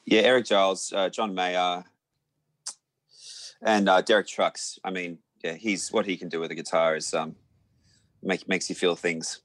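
A young Australian man, a musician, telling a lively anecdote in a casual interview, full of fillers and restarts. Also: sits low, measured pace, long pauses, no echo. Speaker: musician guest.

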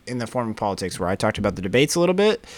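A man's voice: lowish voice, very animated, racing, dry recording. A man co-hosting a casual podcast, ranting in a heated way and swearing freely. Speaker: podcast co-host.

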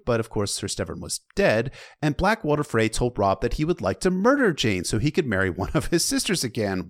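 A man with sardonic, irreverent asides, giving a comedic reading and recap of a novel. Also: mid-range voice. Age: adult, past sixteen. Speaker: book recap narrator.

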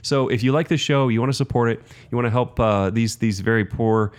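A man's voice: medium pitch, brisk. A man casually bantering as a returning guest on a podcast, joking and slipping into silly voices.

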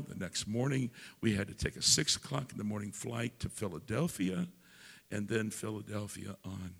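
An older man, a pastor, telling a story during a sermon in a folksy way, building into loud preaching. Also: lowish voice, moderate pace, gravelly, slightly rough, big-room sound.

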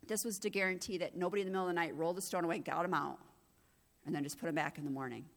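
A woman's voice: lowish voice, fairly even intonation, racing. A woman pastor giving a conversational sermon, growing emphatic and intense at moments. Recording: long hall reverb.

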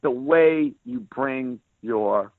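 A man with a strong New York accent and a rough, everyday voice talks sports radio in an emphatic, plain-spoken way. He comes through a thin, tinny phone line. The sound is close and dry, with no room behind it. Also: mid-range voice, drawn-out words, no room sound. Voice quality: rough around the edges voice. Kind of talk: interview guest, casual talk.

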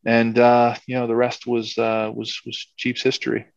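A man's voice: mid-range voice, monotone, moderate pace, vocal fry, no room sound. Chatty middle-aged Philly man, dry dull audio. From Philadelphia area. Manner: rambling, loose storyteller with frequent "like" and "you know". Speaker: guest, former football player. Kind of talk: casual anecdote telling. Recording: slightly dull, dry sound.

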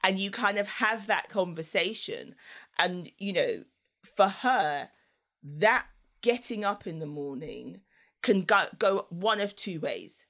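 A woman's voice: mid-range voice, animated, slow pace, creaky, fairly bright tone. A woman, chatting casually as a podcast guest, telling a story and laughing often. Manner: chatty, laughs often, acts out voices in anecdotes.

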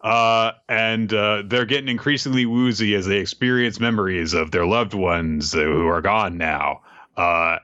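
On a podcast, a male co-host loosely walks through a manga chapter, animated and meandering, dropping fillers and side comments throughout. He has a fairly low voice and an unhurried delivery; the audio is dull, with no room sound.

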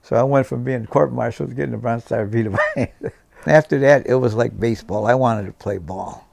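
A man's voice: mid-range voice, brisk, vocal fry, a little mellow, no echo. A man in his seventies, a veteran guest, vividly recounting war memories and acting out the dialogue. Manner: vivid storyteller, acts out dialogue. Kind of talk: personal war storytelling.

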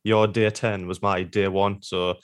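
A man with a fairly low voice co-hosts a relaxed podcast chat. He speaks in an easygoing way, often tossing in tag questions and fillers. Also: a little slow, smooth. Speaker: podcast co-host. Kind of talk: casual chat.

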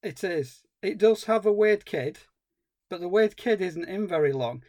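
High-voiced man, exasperated and sweary. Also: animated, unhurried, darkish tone, no echo. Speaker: podcast co-host. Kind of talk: casual film review chat.

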